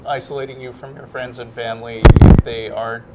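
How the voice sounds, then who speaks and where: A man co-hosting a live call-in TV show in a studio, talking in a relaxed, hesitant way with many fillers. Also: medium pitch, brisk, very noisy. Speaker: co-host. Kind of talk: casual chat.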